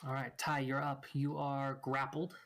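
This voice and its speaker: Gravelly man running a tabletop game. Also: medium pitch, flat delivery, moderate pace, fairly bright tone. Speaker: dungeon master.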